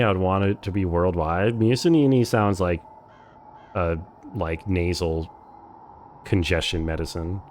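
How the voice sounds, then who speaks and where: A young man's low-pitched, somewhat slow voice carries a Californian accent as he chats during a game stream. He sounds easygoing and says "like" frequently, with slight background noise present.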